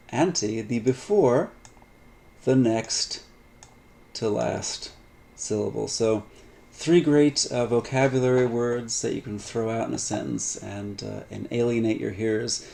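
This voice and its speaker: A man lecturing on Greek grammar in a relaxed, unscripted way, with many fillers, restarts and light asides. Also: medium pitch, gravelly. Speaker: Greek instructor. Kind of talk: recorded lecture.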